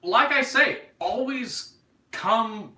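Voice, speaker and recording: A man in his twenties with a North Carolina Southern accent hosts a casual livestream, rambling, joking, and cussing while reading comments aloud. His voice is extremely high, sharp, and expressive, with drawn-out words. The mic is distant, the sound roomy, and the recording rough.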